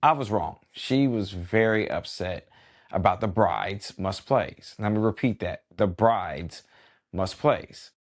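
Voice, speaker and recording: Man, middle-aged, podcast host, relaxed storyteller, conversational asides, lowish voice. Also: a little slow. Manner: relaxed and conversational, many "you know" asides.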